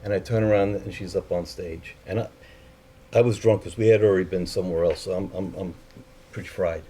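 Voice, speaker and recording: A man's voice: deep voice, fairly even intonation, a little fast, dark tone, breathy edge. A man telling a personal story in a candid, profane way, acting out the voices of the people in it.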